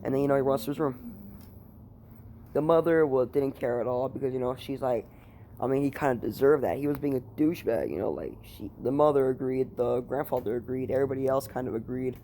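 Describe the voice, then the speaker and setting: A man's voice: medium pitch, brisk, mellow, slight background noise. Rambling, cussing man retelling a story. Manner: rambling, profane, heavy with fillers. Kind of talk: casual fan-story retelling. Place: room at home.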